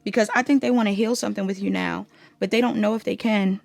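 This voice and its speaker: A woman's voice: mid-range voice, steady tone, fast, gravelly, darkish tone, no room sound. A woman giving a casual pick-a-card tarot reading, rambling and often saying "like". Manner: casual, rambling, heavy use of "like". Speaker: tarot reader.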